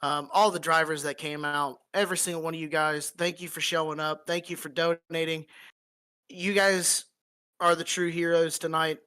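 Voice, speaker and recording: A man fresh from winning a sim race speaks in a slightly high, bright voice that stays flat and even in pitch. He thanks sponsors and fans earnestly, halting often on fillers, heard through a headset in an online post-race chat. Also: clear, resonant tone.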